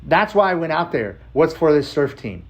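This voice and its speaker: A man's voice: fairly high pitch, big pitch swings, moderate pace, dull audio. A man hosting a podcast, telling a personal story in a loose, profane, casual monologue. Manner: loose and profane, with frequent "like" fillers. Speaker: podcast host.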